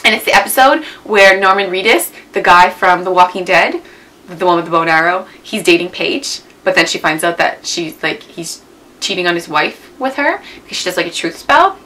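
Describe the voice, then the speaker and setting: A woman's voice: fairly low pitch, expressive, moderate pace, pushed and bright, poor audio. A young woman in her twenties chatting casually at home in a vlog, rambling with lots of "like" and "um". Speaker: beauty vlogger. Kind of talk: casual chatty tag video. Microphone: camera mic.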